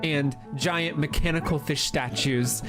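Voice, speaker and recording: A man's voice: fairly high pitch, close to an everyday voice. A man voicing a self-righteous, nosy middle-aged woman neighbor in a comedy sketch over a game video, preachy and indignant. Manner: preachy, indignant, slow and drawn-out. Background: background music.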